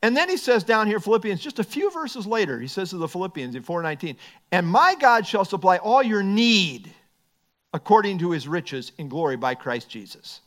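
Animated preacher man, high lively voice. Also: normal speed. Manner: expressive, swings between emphatic and quiet asides; quotes scripture, light humor. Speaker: pastor. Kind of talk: sermon.

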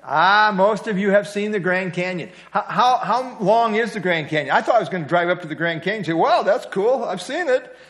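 With a high, fairly bright voice, a middle-aged man teaches an evening Bible study. He keeps it conversational and asks his listeners questions.

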